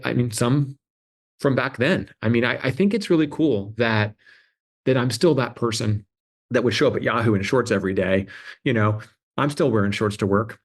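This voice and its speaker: A man talking in a relaxed interview, animated and chatty, often leaning on "like" and restarting his sentences. His voice sits at an everyday pitch for a man, and he slips into lively impressions of other people as he tells his stories. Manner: animated storytelling, acting out quoted voices; fillers like "like" and restarts. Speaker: interview guest, adtech CEO. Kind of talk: casual interview talk.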